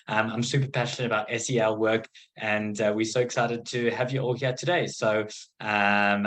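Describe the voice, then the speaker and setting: A man's voice: mid-range voice, fairly bright tone. A man with a South African accent speaking on a webinar over a video call, eager and friendly with many fillers. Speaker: sales and education team member. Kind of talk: casual webinar talk.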